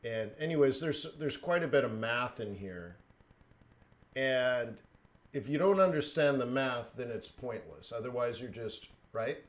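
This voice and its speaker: A man's voice: mid-range voice, animated, unhurried. A man hosting a live trading stream, talking casually with lots of fillers and chuckled asides. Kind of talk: casual chat.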